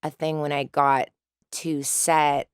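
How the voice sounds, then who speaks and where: An actress guest chatting in a studio interview, telling stories in an animated way and mimicking voices, Russian her first language. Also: low voice, slow pace, clear, resonant tone, no echo. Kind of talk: casual interview chat.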